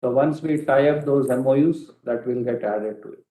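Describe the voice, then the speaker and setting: Fielding analysts' questions during an earnings call, a male executive replies carefully, pausing on fillers and correcting himself often. His voice is medium in pitch and warm, but the audio is poor and reverberant.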